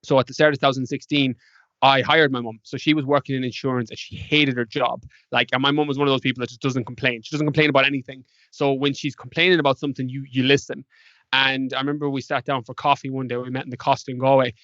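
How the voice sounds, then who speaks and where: A man's voice: mid-range voice, little pitch movement, fast, a bit bright, no echo. An Irish man, a podcast guest, telling stories in a casual interview and acting out past conversations with animation. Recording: dull lo-fi dry sound.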